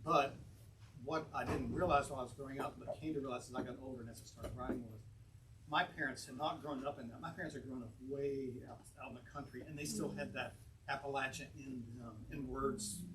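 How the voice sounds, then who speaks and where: At a bookstore event, a North Carolina poet presenting his book answers audience questions, rambling through anecdotes and chuckling often. His mid-range voice is steady and brisk, picked up by a distant mic in a noisy room full of crowd noise.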